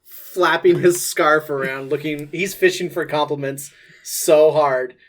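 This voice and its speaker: Male player, dry humor, slightly high voice. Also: steady tone, a little slow. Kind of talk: casual chat.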